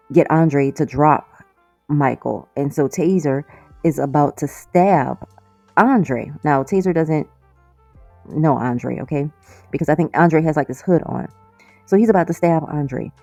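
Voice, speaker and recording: A woman casually recapping a TV episode, animated and exasperated, with frequent laughs and asides. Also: sits low, dry recording. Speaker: series reviewer.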